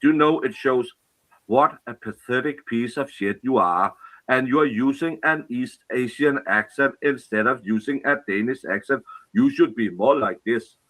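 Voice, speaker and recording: A man's voice: mid-range voice, normal speed, pushed and bright, poor audio. A man in an angry rant, hurling insults and accusations. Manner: furious, insulting. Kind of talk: angry ranting clip.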